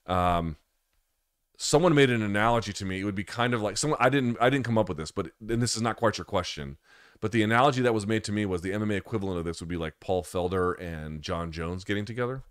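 Male stream host, low voice, dry close sound, candid and profane, off-the-cuff. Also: expressive, fast talker, smooth, dry recording. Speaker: host answering viewer questions. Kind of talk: casual live-stream chat.

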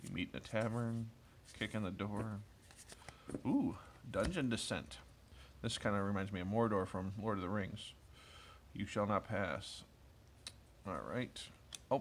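A man's voice: lowish voice, slight background noise. A man in his thirties casually rambling as he opens trading cards, chatty and enthusiastic, with lots of asides and fillers. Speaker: card collector opening packs. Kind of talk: casual rambling commentary while opening cards.

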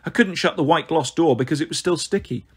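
A man reading a children's novel aloud as steady first-person narration. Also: fairly high pitch, quick pace, husky. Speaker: audiobook reader.

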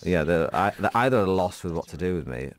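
A man from Britain giving a casual film commentary, deadpan and mock self-important, rambling through his stories. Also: low-pitched, fast talker.

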